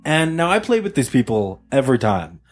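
Animated man hosting a casual podcast. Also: mid-range voice, brisk. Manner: animated rambling storyteller. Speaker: podcast host. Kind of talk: casual chat.

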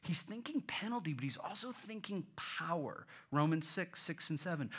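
A man preaching a sermon in an animated way, acting out voices and dropping to a whisper for effect. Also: on the high side, moderate pace, hardly any pauses, breathy edge. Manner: animated, acts out voices, swings from loud to whispered. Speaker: pastor.

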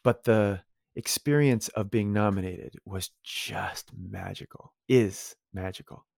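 A man's voice: fairly low pitch, takes it slowly, creaky, a little mellow, no room sound. Effusive man rambling through stories, dry. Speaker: guest actor. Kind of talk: casual interview chat.

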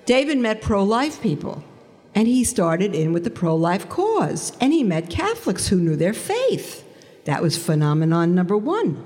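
In a large hall, a woman gives her faith testimony to an audience, telling the story animatedly and acting out the dialogue. Her voice is medium in pitch and moderately paced.

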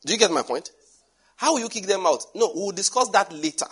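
Male preacher, slightly high and husky, animated storytelling sermon. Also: fairly quick. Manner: animated, acts out dialogue with shifting voices and laughs.

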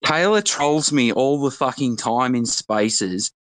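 A man's voice: medium pitch, slow, a bit bright, no room sound. A man in a casual online audio chat, blunt and teasing, swearing freely. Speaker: chat participant.

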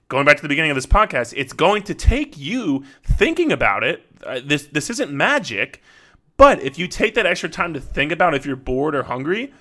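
A man's voice: a little high, bright, forceful tone. A man in his thirties hosting a podcast, talking through advice in a casual, conversational way, often repeating words and checking in with "right?". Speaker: podcast host.

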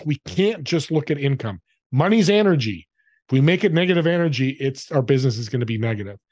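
A man's voice: medium pitch, a little mellow, dry recording, studio quality. A man guesting on a podcast, telling stories in an upbeat, motivational way. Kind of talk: casual interview chat.

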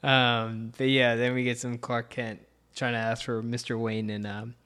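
A man's voice: medium pitch, flat delivery, normal speed, a bit bright. A man co-hosting a podcast, talking through a film in a rambling, self-correcting way with frequent laughs. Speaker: podcast co-host. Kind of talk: casual film commentary chat.

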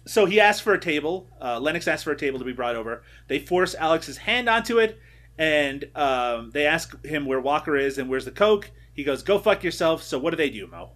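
A man's voice: fairly high pitch, lively intonation, brisk, fairly bright tone. A man hosting a casual podcast, animatedly retelling film scenes and laughing often. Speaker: podcast host. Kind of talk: casual film recap chat.

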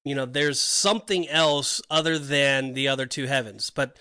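A man's voice: mid-range voice, steady tone, moderate pace, pushed and bright, smooth, dry recording, studio quality. A man co-hosting a casual Christian podcast, earnest and enthusiastic, with many "you know" and "like" fillers. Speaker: podcast co-host.

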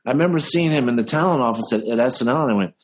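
A man chatting casually as an interview guest, an animated storyteller who slows down for emphasis. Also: medium pitch, poor audio. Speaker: impressionist guest.

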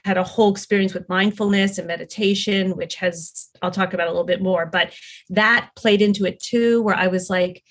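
A middle-aged woman, guesting on a podcast, tells her story earnestly and casually, rambling with lots of fillers and restarts. Her medium-pitched voice stays fairly even and moves a little fast.

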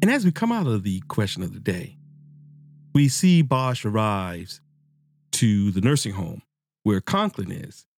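A man hosting a casual book-discussion podcast, talking to his listeners in a rambling, excitable way and swearing freely. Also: on the low side, unhurried, dry recording, faint music behind. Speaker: podcast host.

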